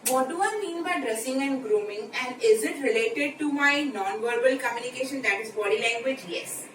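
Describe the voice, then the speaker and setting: A woman's voice: high-pitched, normal speed, fairly bright tone. A woman from India with an Indian English accent, giving a lecture video and explaining terms step by step. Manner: explanatory, repeats key terms. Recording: echoey room, mic at a distance, background noise.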